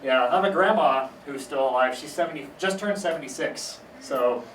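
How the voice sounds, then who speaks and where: A young man doing a stand-up comedy set on a small theater stage, talking casually with deadpan asides and acting out his family's voices. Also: medium pitch, moderate pace, slight background noise. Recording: echoey room recorded from far off.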